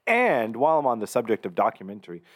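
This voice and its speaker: A man's voice: medium pitch, huge pitch swings, fast. A man co-hosting a podcast, telling a rambling story in casual chat and laughing often. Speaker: podcast co-host.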